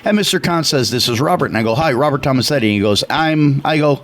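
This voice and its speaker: A man from Chicago co-hosting a radio talk show, telling a story loudly and animatedly, with acted voices. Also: medium pitch, fast, hardly any pauses. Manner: loud and animated; passionate, retells dialogue with acted voices. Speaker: radio co-host.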